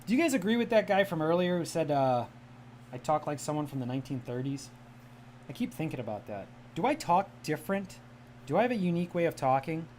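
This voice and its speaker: Brief: Midwestern male streamer, slightly high voice, crisp proper diction, faint room hiss. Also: big pitch swings, brisk, darkish tone. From American Midwest. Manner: chatty, enunciates carefully, well-spoken media voice. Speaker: livestream host. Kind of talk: casual livestream chat. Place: home room with a cat.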